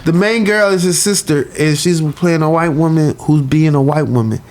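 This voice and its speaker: A man's voice: fairly high pitch, moderate pace, crowd noise. A man co-hosting a podcast in casual chat, telling stories animatedly and laughing often. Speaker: podcast co-host.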